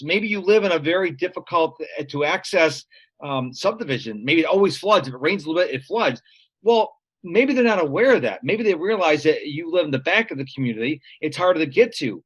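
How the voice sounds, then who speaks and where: Man, higher-than-usual voice, earnest, storytelling, casual interview talk. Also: animated, brisk, slightly rough. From United States. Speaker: guest. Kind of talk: conversational interview.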